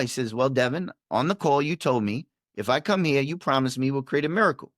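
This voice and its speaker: A man, a performance coach and podcast guest, telling a story and acting out the dialogue with shifting pitch and energy. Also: lively intonation, brisk, hardly any pauses, fairly bright tone, no room sound, clean studio sound. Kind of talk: animated storytelling in conversation.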